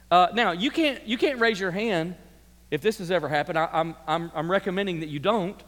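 A middle-aged male pastor delivers a sermon full of comic asides and quick impressions of people. His voice sits very high and light for a man. The sanctuary carries a long reverb behind every phrase. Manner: animated, mimics people, repeats words. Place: church sanctuary. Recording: large hall reverb.

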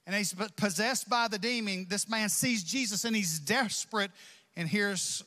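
A man's voice: high-pitched, moderate pace, pushed and bright, long reverb tail. A man preaching a sermon as pastor, impassioned and acting out prayers and quotes.

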